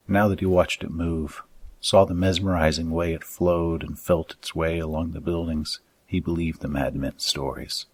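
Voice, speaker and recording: Deep husky man narrating. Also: no echo. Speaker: author reading his own story. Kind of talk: scripted audiobook narration.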